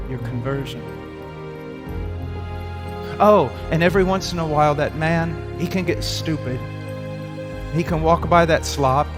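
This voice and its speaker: A man preaching a sermon with dramatic swings from loud outbursts to hushed tones. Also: fairly high pitch. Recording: long reverb in a hall, faint music.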